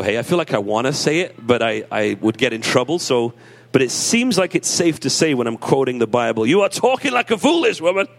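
Tearful man preaching conversationally. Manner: emotional, conversational preaching with self-deprecating humor; rises in pitch and emphasis when reading scripture. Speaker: pastor. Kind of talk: sermon.

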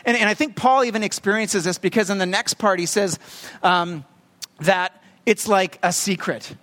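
A young man with a fairly high voice delivers a storytelling sermon, chatty and halting, full of "uh" and restarts. His voice trails off into a long hall reverb. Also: a bit bright. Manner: conversational, halting with fillers. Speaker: pastor.

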